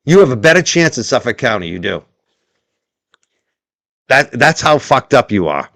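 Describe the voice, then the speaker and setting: A man's voice: mid-range voice, sing-song, normal speed, vocal fry, fairly bright tone, no room sound, studio quality. A man hosting a heated commentary stream, taunting and swearing and hammering rhetorical questions. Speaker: show host.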